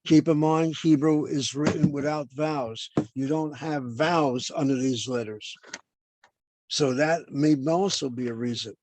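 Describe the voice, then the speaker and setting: A man's voice: fairly high pitch, steady tone, unhurried, darkish tone, slight background noise. An older man lecturing as a professor over a video call, explaining points and then asking and answering his own questions.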